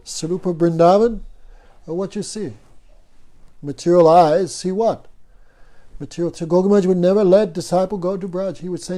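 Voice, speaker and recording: A man's voice: high voice, moderate pace, pauses often, dark tone. A man teaching a devotional class in a storytelling way, often asking his listeners "no?". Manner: storytelling, asks the audience "no?" often. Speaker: spiritual teacher.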